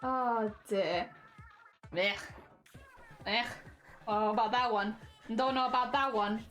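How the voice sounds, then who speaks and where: A woman's voice: on the high side, slow pace, fairly bright tone, soft background music. A woman with a standard British accent, chatting casually on a stream while she works on a craft, rambling with restarts. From Hampshire, England.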